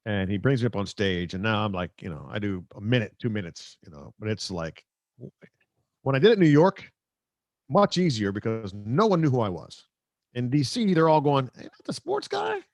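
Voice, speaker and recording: A man's voice: fairly low pitch, expressive, normal speed, a little mellow, no room sound, dull audio. A middle-aged man hosting a live stream, chatting casually, reading viewer comments, and rambling with jokes at his own expense. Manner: rambling, joking, self-mocking. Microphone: close microphone.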